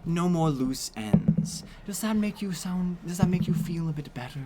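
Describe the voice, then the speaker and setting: A man voicing a cold, scheming male dark elf noble who hushes and soothes while calmly threatening. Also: sits high, normal speed, heavy background noise, pitched above the performer's own voice. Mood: soothing, menacing. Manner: soft hushing, calmly menacing.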